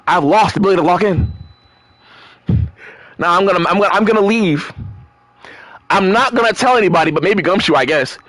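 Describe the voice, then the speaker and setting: A man with a high, somewhat bright voice reads and reacts to game dialogue while playing, offering casual commentary full of exasperated, profane rants and stumbling restarts. There is no echo.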